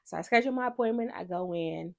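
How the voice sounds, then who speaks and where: Woman vlogger, low and gravelly, casual animated storyteller. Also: fast, dull audio. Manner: animated, acts out quoted people in dialogue.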